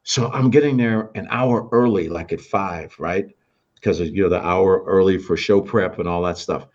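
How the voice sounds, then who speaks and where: A man's voice: low voice, normal speed, highs cut off. A man, a former radio DJ, telling stories in a casual interview and acting out the voices of people he quotes. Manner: animated storyteller, acts out quoted voices.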